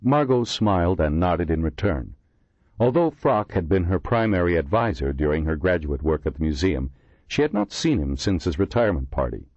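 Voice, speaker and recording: A man narrating an audiobook in measured storytelling, voicing the characters himself. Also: deep voice, sing-song, darkish tone, no room sound, muffled recording. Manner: measured storytelling with many voices. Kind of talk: scripted narration.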